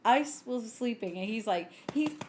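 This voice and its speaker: A woman in her thirties, co-hosting a podcast, telling stories in animated casual chat and acting out the quotes. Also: a little high, moderate pace, background noise. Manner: animated storyteller who acts out quotes. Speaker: podcast co-host.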